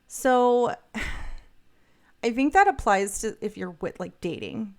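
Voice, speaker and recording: A woman's voice: fairly high pitch, expressive, slow, a little mellow. A middle-aged woman co-hosting a podcast, chatting casually and upbeat with many fillers and restarts. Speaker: podcast co-host. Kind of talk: casual livestream chat.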